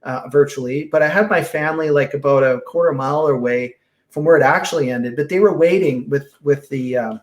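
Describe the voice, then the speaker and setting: A middle-aged man guesting on a podcast, telling a story in a very expressive, animated way. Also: fairly high pitch, brisk. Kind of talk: casual storytelling interview.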